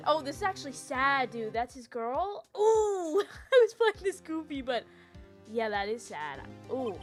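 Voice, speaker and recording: A woman's voice: sits high, big pitch swings, unhurried, soft background music. A woman streamer giving casual commentary on a game, laughing constantly and reacting with animation.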